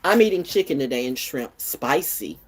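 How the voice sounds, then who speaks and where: A woman in her sixties ranting bluntly and profanely in an unscripted vlog, jumping from low mutters to high outbursts and loud laughs. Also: sing-song, moderate pace, noisy background. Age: 60s. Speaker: vlogger. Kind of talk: unscripted rant to camera.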